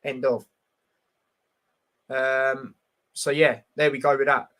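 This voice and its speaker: A man's voice: medium pitch, level tone, slow, a bit bright. A man hosting a casual football prediction live stream, talking bluntly and reading out chat, with lots of fillers. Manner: chatty and blunt, full of fillers, answering chat directly.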